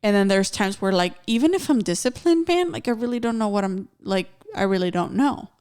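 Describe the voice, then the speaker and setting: A woman with a smooth, clear voice co-hosts a casual podcast. She talks in an earnest, reflective way, now and then dropping in a Spanish phrase. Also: mid-range voice, lively intonation, a little fast, a little mellow. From Mexican-American. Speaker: podcast co-host.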